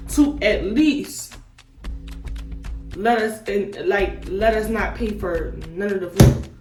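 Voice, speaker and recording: A young woman vlogger telling a storytime in a slangy, animated, indignant way, firing off rhetorical questions. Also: a little high. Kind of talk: storytime vlog. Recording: echoey room, mic at a distance, faint music.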